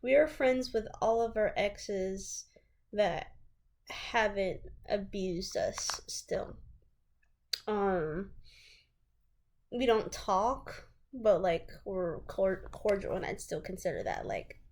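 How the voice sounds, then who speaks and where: A woman's voice: mid-range voice, slow pace, gravelly, darkish tone. A woman telling a personal story in a vlog, blunt, profane and candid. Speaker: vlogger.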